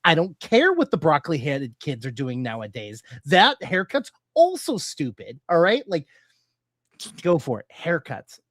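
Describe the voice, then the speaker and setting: A speaker rants emphatically in a casual chat, swearing freely. The voice swings widely in pitch. The sound is dry and close. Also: wildly swooping pitch, unhurried, fairly bright tone, no room sound. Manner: ranting, swears a lot, emphatic. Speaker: podcast co-host.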